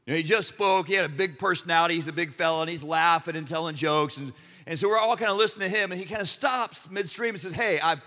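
A middle-aged male pastor delivers a sermon with a high, bright voice. He tells his stories animatedly, with humor and asides to the congregation. The sound rings with the long reverb of a church sanctuary. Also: fairly even intonation, fast talker.

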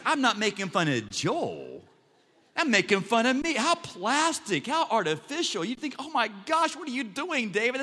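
A male pastor preaching a sermon in an animated, self-mocking, humorous way. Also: high-pitched. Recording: long reverb in a large church hall.

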